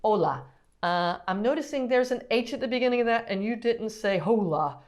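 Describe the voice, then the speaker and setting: A woman's voice: a little high, quick pace. A woman pediatric therapist talks through a casual lesson, stopping often to ask questions. She hesitates and restarts her sentences, filling the gaps with ums. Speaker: pediatric physical therapist teaching.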